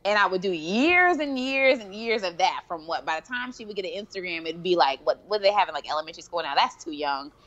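Lively young woman guest, animated. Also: on the low side, fast talker, few pauses, highs cut off. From Georgia, USA. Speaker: guest, bodybuilding champion. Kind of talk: casual interview chat.

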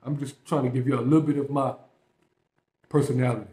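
Casual reaction host, male, slangy and emphatic, mid pitch, echoey room. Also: steady tone, fast talker, mellow. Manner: slangy, emphatic, talks straight to viewers.

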